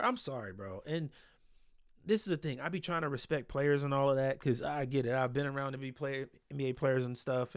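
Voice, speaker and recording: A man's voice: fairly high pitch, no echo, clean studio sound. A man breaking down basketball game film in a casual, exasperated and blunt way, swearing freely.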